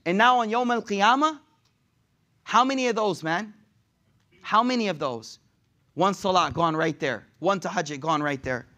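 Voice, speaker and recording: A man's voice: sits high, normal speed, pauses often, pushed and bright. A man preaching a sermon in a casual, slangy way, reciting Arabic passages and then translating them. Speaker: Islamic preacher.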